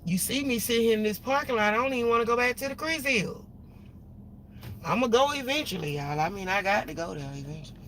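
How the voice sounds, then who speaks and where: A woman venting on a phone live stream from her parked car, rambling and repeating herself, with sudden loud outbursts. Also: on the high side, lively intonation, fast, slight background noise. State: upset after losing her job. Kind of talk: casual venting monologue. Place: parked car in a parking lot.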